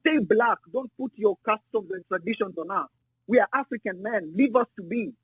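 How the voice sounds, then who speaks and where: Debater: man, emphatic and lecturing, husky high voice. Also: normal speed, no echo, poor audio. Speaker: debate participant. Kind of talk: heated spoken debate.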